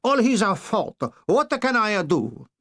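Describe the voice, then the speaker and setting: A man's voice: sits high, very animated, a little slow, fairly bright tone, pitched above the performer's own voice, full character voice. A man voicing a pompous, cowardly Italian dictator in comic broken English with an Italian accent. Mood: blustering.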